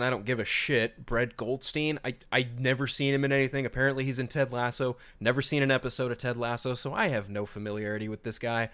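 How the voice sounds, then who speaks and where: A man in casual podcast chat, venting with plenty of swearing. His voice sits in an ordinary middle pitch and his tone stays exasperated and ranting. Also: a bit bright. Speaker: podcast co-host.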